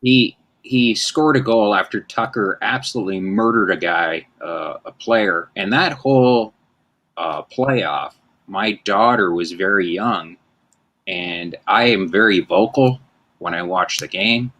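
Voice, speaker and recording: A man's voice: on the low side, a little slow, fairly bright tone. A man in his fifties, hosting a casual chat and telling rambling, self-mocking stories. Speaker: host.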